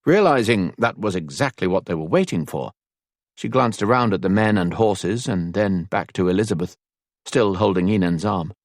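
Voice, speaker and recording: A man narrating an audiobook in measured, even storytelling. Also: deep voice, no room sound, clean studio sound. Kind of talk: scripted narration.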